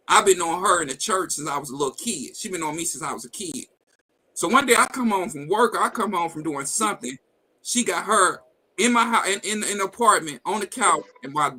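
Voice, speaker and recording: Blunt high-voiced man telling a heated story. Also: pushed and bright, low-quality recording. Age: adult with a wife and kids. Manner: blunt, profane and heated, acting out quoted dialogue. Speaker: host. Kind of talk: storytelling in casual talk. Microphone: video call setup.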